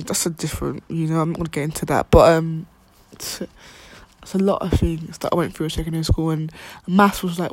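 A young woman in college talks casually about her own life in a personal vlog, her voice deep with no echo. She rambles with many fillers and restarts, uses lots of slang, and sometimes drops to a whisper.

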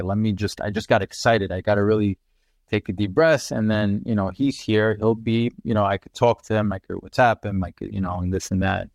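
Podcast guest, man, New York accent, low-pitched, dry, earnest and rambling. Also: gravelly, a little mellow, no room sound. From Russia. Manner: earnest, emotional storytelling with many fillers. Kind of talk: casual conversational interview.

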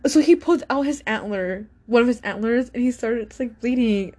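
A young woman hosting a casual podcast, reacting excitedly to a video with frequent exclamations and fillers. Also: fairly high pitch, normal speed, few pauses, faint music behind. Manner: gushing, exclamatory, many fillers. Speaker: podcast host.

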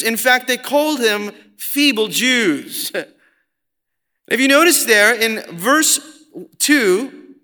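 A man preaching a sermon as pastor, earnest and deliberate, slowing down to stress scripture. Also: very high voice, sharp tone. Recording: long hall reverb.

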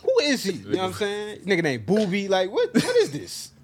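A man's voice: high-pitched, fairly quick, a crowd in the background. A young man co-hosting a podcast, telling stories in casual chat, acting out the quotes and laughing often. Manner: animated storyteller, acts out quotes, laughs often. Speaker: podcast co-host. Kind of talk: casual storytelling among friends.

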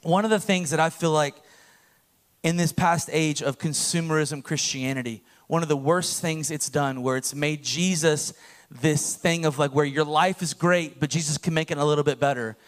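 A young man pastor preaching a sermon in church, energetic and full of jokes, laughing often. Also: a little high, normal speed.

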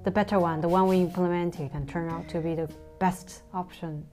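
A woman's voice: fairly low pitch, steady tone, fairly quick, mellow, soft background music. A woman from China whose first language is Mandarin, co-hosting a podcast in casual chat and mixing in Mandarin. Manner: playful, competitive, switches between English and Mandarin. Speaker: podcast co-host.

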